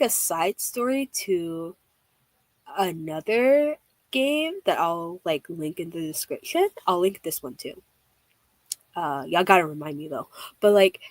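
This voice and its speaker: Excitable, gushing young woman streamer. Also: lowish voice, no room sound. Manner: gushing and excitable, swears casually. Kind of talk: casual live-stream chat while reading a game aloud.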